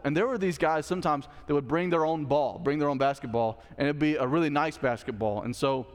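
A man's voice: mid-range voice, big-room sound. A male pastor preaching a sermon in a conversational style, with asides to the congregation. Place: church sanctuary.

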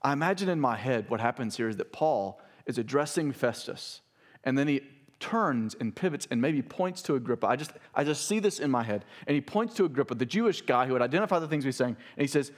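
A pastor with an expressive, brisk voice delivers a sermon, reading scripture with rising emphasis that lifts his pitch and volume. He interrupts to speak straight to the congregation with asides such as "listen".

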